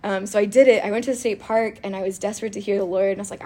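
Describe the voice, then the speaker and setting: Husky woman telling a faith story. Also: mid-range voice, rapid-fire. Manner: animated and giggly, with frequent laughter and filler "like". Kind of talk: casual faith chat, personal storytelling.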